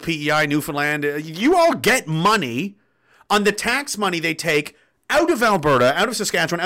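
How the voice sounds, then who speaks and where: Angry high-pitched ranting man. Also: bright, forceful tone. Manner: angry, swearing, sarcastic mock quotes. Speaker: political commentary streamer. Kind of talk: ranting livestream commentary.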